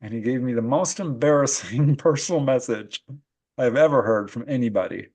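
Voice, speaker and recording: A man of middle pitch tells his stories as a podcast guest. He is animated and laughs often as he speaks, with a relaxed conversational flow. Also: moderate pace, slightly rough. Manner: animated storyteller who laughs often while recounting experiences. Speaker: guest, paranormal researcher and author. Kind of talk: casual interview storytelling.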